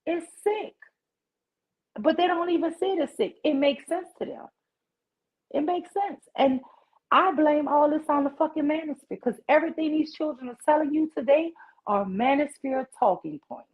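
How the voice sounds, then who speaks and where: A woman's voice: high-pitched, normal speed, a little mellow. A woman in her forties, a guest on a livestream, telling her story in an outraged, emphatic way over a video call. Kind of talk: candid livestream conversation. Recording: muffled lo-fi stream audio.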